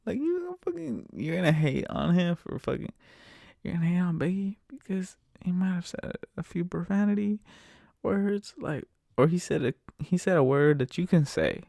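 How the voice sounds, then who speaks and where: A man's voice: high-pitched, normal speed, creaky, mellow, dry recording, studio quality. A man, a rideshare driver, casually telling a story, rambling, swearing freely and laughing often. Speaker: rideshare driver and podcast host.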